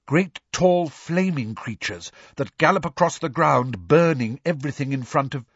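A man's voice: a little high, lively intonation, moderate pace, a bit bright, slightly rough, no room sound, pitched above the performer's own voice, exaggerated voice. A man voicing an odd, dreamy teenage schoolgirl who speaks solemnly and stubbornly, in a storybook reading. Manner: solemn, matter-of-fact, stubborn. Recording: dry, slightly dull recording.

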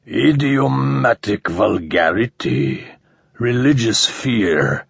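A man voicing a huge, bloated, arrogant alien overlord with a harsh, rusty, metallic voice, intoning each word slowly and stiffly. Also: fairly low pitch, animated, gravelly, husky, no echo, heavily acted. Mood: detached. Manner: slow, clipped, word-by-word intoning. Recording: slightly dull, dry audio.

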